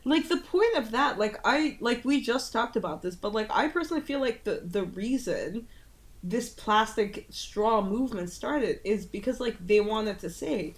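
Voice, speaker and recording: A woman's voice: fairly high pitch, lively intonation, normal speed. A woman co-hosting a podcast in casual chat, talking freely with lots of fillers and swearing. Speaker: podcast co-host. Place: home in Italy.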